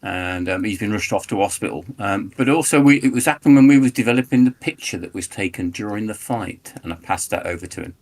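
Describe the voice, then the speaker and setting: A man's voice: on the low side, animated, a little fast, few pauses, darkish tone. A man playing in a tabletop game, speaking plainly with many hesitations. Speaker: player.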